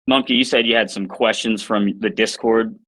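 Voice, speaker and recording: A man's voice: on the low side, fairly even intonation, normal speed, fairly bright tone, rough recording. A man co-hosting a casual podcast chat, talking bluntly and swearing freely. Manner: blunt and profane. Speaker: podcast co-host.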